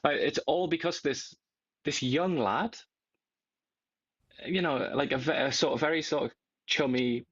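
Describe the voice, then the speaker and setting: A man co-hosting a political talk show, speaking in a reflective, measured way and ending points with tag questions. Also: a little high, fairly bright tone, husky, no room sound. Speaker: co-host. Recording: dull, dry lo-fi remote audio.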